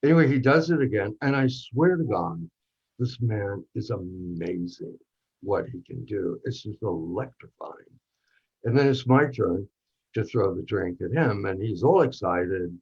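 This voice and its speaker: A man in a workshop reading, playing a narrator who recalls a charged night with a film actor, telling it intimately and dropping to a hush at tense moments. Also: fairly low pitch, lively intonation, a little slow, slightly rough, exaggerated voice. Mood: reflective. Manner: intimate, drops to hushed tones for tense moments. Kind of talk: dramatic monologue reading. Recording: dull lo-fi recording.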